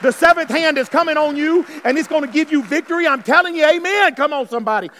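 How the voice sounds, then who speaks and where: A man preaching a sermon in a very high, bright and forceful voice. He calls out to the congregation and swings between hushed passages and shouts. The sound carries a long reverb from a large church sanctuary. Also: fast, a little hiss or hum. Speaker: pastor.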